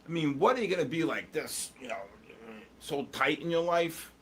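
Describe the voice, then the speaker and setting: A man's voice: on the high side, expressive, normal speed, a bit bright, slight background noise. A man hosting a live trading stream, chatting casually and joking with viewers while calling out market moves. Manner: rambling, jokey, answers chat while watching charts. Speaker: livestream host.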